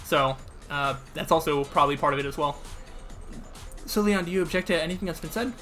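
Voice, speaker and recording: Animated man narrating his gameplay. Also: on the high side, brisk, long pauses, faint music behind. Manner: animated, thinks out loud. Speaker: let's play host. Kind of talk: casual gameplay commentary and reading game text aloud.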